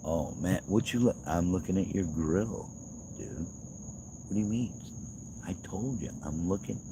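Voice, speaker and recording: Livestream host, deep gravelly man, unhurried, teasing and joking banter. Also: expressive, noisy background. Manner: joking, teasing, laughs often. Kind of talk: rambling casual chat.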